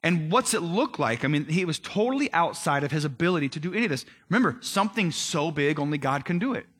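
A man's voice: fairly high pitch, quick pace, slightly rough. A man delivering a casual, conversational sermon as a pastor, speaking to his listeners directly and informally. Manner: conversational, animated, addresses listeners as guys and man.

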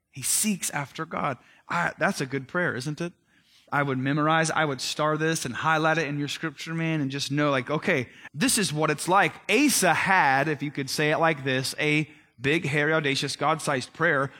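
A man's voice: fairly high pitch, normal speed. A man delivering a casual, conversational sermon as a pastor, speaking to his listeners directly and informally. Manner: conversational, animated, addresses listeners as guys and man.

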